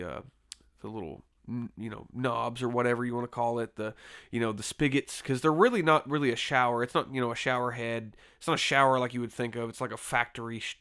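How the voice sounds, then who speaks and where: A man's voice: medium pitch, a bit bright, clean tone. A man casually reviewing a horror film, rambling with lots of fillers and restarts and laughing easily. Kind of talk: casual spoken movie review.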